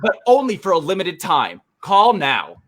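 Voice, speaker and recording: A man playing a manic infomercial pitchman in a comedy sketch, switching between shouting and hushed hard-sell. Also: huge pitch swings, normal speed, exaggerated voice. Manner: hard-sell, swings loud and soft, whoops.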